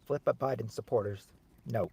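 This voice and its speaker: A man hosting a game show game on a livestream, joking with viewers in chat and loudly repeating the answers. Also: mid-range voice, normal speed, gravelly, husky. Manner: jokey and teasing, calls out answers loudly and repeats them. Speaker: livestream host running a family game show game. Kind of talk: casual livestream chat, reading viewers' guesses.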